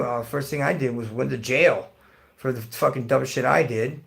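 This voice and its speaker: Gravelly, profane middle-aged man ranting. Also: medium pitch, a little fast, fairly bright tone. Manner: blunt, heavily profane, ranting. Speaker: livestream host. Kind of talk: profane rant to live chat.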